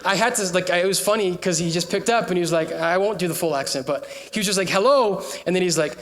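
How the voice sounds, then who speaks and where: A young adult man, a pastor, preaching a sermon to his church in a conversational, jokey way, now and then shouting out to the congregation. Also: high voice, quick pace.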